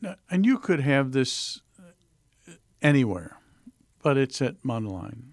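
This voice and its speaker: Gravelly-voiced man co-hosting. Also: mid-range voice, big pitch swings, a little slow, no room sound, studio quality. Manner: brief, affirming interjections. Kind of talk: casual interview talk.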